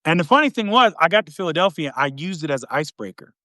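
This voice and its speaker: His voice on the high side and his delivery fast, the East Tennessee host chats and tells stories with animation, acting out others' voices. It's studio-quality audio with no echo.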